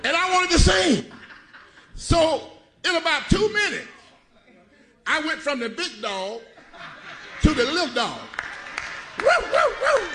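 A middle-aged man preaching a sermon, telling a comic story in a folksy, animated way with loud bursts. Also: very high-pitched, unhurried, long pauses, echoey room, a faint crowd. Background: congregation laughing.

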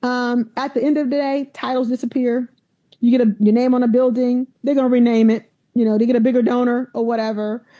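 A middle-aged woman with a fairly high, mellow voice tells her stories with animated emphasis. The recording sounds slightly dull and lo-fi. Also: brisk. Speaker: university president, guest. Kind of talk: conversational interview.

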